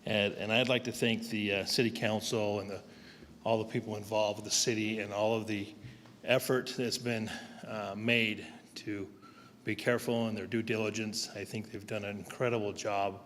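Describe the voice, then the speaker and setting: A man's voice: fairly low pitch, fairly bright tone, a little hiss or hum. A man giving a hesitant, nervous public comment at a council meeting in person. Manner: hesitant and nervous, losing his place. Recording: long hall reverb with faint room ambience.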